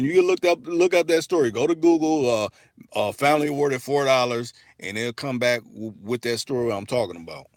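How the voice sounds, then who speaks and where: A man's voice: mid-range voice, no echo, studio quality. A man with an African American English accent hosting a livestream, chatting loosely and profanely with many restarts. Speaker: livestream host. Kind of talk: casual livestream chat.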